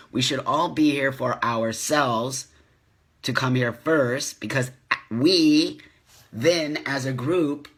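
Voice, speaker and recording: Impassioned man in his fifties, bright voice. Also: mid-range voice. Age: 50s. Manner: impassioned, preachy, repeats phrases for emphasis, swears. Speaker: host of a live stream. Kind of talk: live-streamed motivational talk. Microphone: phone or webcam, live stream.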